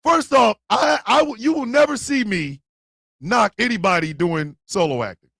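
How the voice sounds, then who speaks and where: A man with a strikingly high voice hosts a comedic radio advice chat. His pitch swings widely as he rants, and his tone has a husky edge. He is loud and profane and often breaks into shouts. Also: expressive, normal speed, no room sound, clean studio sound. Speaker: radio show host.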